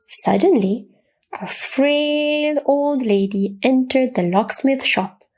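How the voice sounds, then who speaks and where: Slow, husky woman narrating a children's story. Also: high-pitched, faint music behind. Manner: slow, expressive reverent storytelling.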